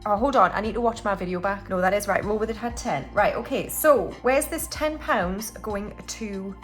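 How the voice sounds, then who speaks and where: Faint music sits behind a medium-pitched woman's voice moving at normal speed. She's a UK budgeting channel host doing a casual cash-stuffing vlog, chatting while counting banknotes aloud and laughing at her slips.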